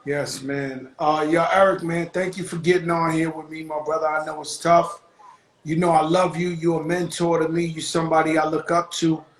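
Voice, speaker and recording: A heartfelt man hosts a casual conversation over a call and often stumbles over repeated words. His voice sits a little high. The room around him sounds echoey. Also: flat delivery, moderate pace. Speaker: host.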